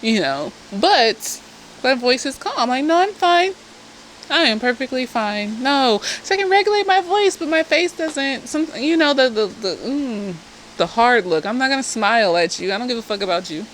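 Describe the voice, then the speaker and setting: Animated, profane woman with a high-set voice. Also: fairly quick, a little hiss or hum, poor audio. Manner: animated, blunt and profane, with lots of asides. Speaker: therapist reviewing a TV episode. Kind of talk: casual review chat. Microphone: self-filmed camera.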